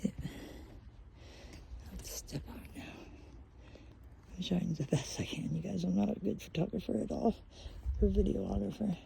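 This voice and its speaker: A woman filming a casual vlog on a handheld phone as she walks through a forest, speaking softly and often slipping into a whisper. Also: medium pitch, fast talker, gravelly, a little hiss or hum. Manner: soft-spoken, often whispering. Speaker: vlogger. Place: outdoors in a forest.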